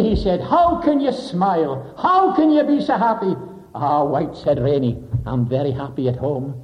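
A man preaching a sermon with dramatic delivery, sinking to a soft low voice for emphasis and explaining Greek words. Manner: expounds Greek word meanings. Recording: dull lo-fi recording.

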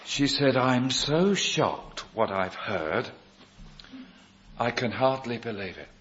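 Male preacher, slow and expressive delivery, storytelling sermon, dull lo-fi recording. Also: medium pitch, a little hiss or hum. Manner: slow storytelling, quoting others in dialogue. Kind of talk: sermon testimony.

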